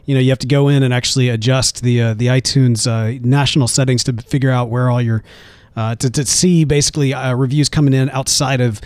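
A man's voice: medium pitch, fairly even intonation, fairly quick, darkish tone, no echo. A man with an American accent co-hosting a casual podcast, laid-back and chatty, often calling his co-host "man".

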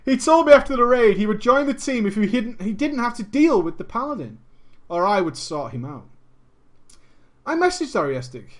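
Woman reading with lively sarcastic asides. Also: a little high. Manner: sarcastic asides, frequent laughter. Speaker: story reader and commentator. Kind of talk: casual reading of a gaming story with commentary.

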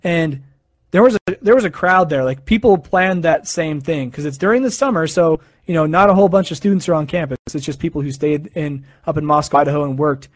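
A young man with a slightly high voice rambles casually about sports to his viewers. He talks in loose run-on stretches and corrects himself as he goes. The sound is dry and close. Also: fairly quick, no room sound. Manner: rambling, chatty, with fillers and self-corrections. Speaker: live stream host.

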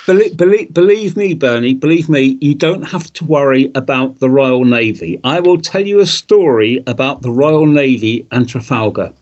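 A man's voice: medium pitch, moderate pace, hardly any pauses, a little mellow, lo-fi sound. A man on a podcast panel telling a story, emphatic and repeating words as he starts. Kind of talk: anecdotal storytelling.

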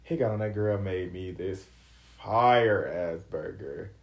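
A man's voice: low voice, slow, roomy sound. A man telling a funny story in a casual chat, swearing a lot and acting out what people said. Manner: animated, profane storyteller who acts out quotes.

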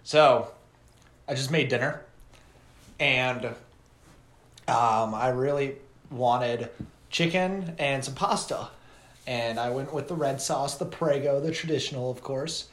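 A man co-hosting a podcast, telling rambling stories in a casual, lively way with lots of fillers. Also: medium pitch, takes it slowly, pauses often, echoey room. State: coughing from pepper flakes. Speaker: podcast co-host. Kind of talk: casual chat.

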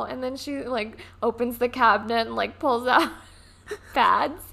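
A young woman hosts a casual chat, telling stories with lively energy and frequent laughter. Her voice is bright and sharp with a gravelly fry, and it sits a little high. Faint music plays behind her. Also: moderate pace. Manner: chatty, laughs often, animated retelling. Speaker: podcast host.

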